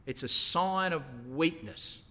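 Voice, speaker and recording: Man preaching, animated, bright voice, long echo. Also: fairly high pitch, slow. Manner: animated, acts out quotes with raised voice. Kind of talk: sermon. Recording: long hall reverb.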